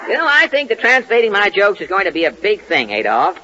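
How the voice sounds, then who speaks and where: A man hosting a 1940s radio comedy sketch, halting with fillers between his wisecracks. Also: sits high, wildly swooping pitch. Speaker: comedy show host. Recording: muffled old radio broadcast with loud audience and hiss. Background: loud studio audience.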